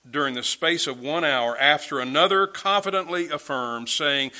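A man's voice: on the high side, moderate pace, few pauses, sharp tone. A man preaching a sermon, reading scripture aloud and pressing his listeners with emphatic questions. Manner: dramatic, rising and falling delivery with emphatic questions.

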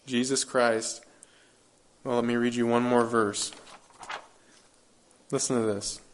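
Slow and earnest, this man preaches emphatically, his voice at a typical male middle pitch with little movement in it. A slight hiss or hum sits under the recording as he repeats key phrases and asks rhetorical questions.

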